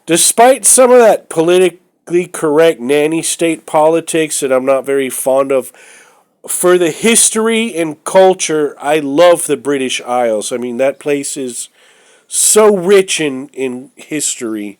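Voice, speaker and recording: This American vlogger has a fairly high, expressive voice that is unhurried, clear, resonant and slightly mellow, though congested from a cold. Showing things off casually, he rambles, hesitates, voices opinions and uses lots of fillers.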